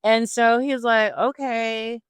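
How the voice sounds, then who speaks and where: A chatty woman host telling a story in a relaxed, faith-based way, full of slangy asides to her listeners. Her voice sits fairly low and smooth. It is recorded close and dry. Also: moderate pace, no room sound. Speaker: podcast host.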